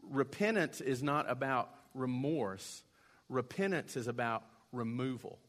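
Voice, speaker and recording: A man's voice: medium pitch, expressive, unhurried, a bit bright. A man preaching a sermon in a conversational way, acting out quoted voices now and then. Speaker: pastor.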